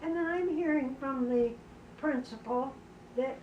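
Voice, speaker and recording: A somewhat high-voiced older woman talks through a family memory in an earnest, rambling way. She is heard from a distance in a roomy space with light background noise. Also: unhurried, dull audio. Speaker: mother telling of her daughter. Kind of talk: casual conversation.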